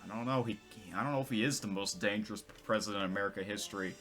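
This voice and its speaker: A man with a lowish, bright-toned voice chats casually as he reads through posts, often restarting and correcting himself mid-sentence. Faint music plays underneath. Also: rapid-fire. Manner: rambling, many restarts and self-corrections. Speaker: vlogger reading tweets. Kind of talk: casual commentary.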